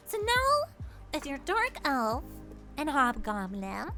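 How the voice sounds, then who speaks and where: A woman's voice: high-pitched, wildly swooping pitch, takes it slowly, music in the background. A woman streamer telling a playful, giggly second-person fantasy story to her chat in casual livestream style.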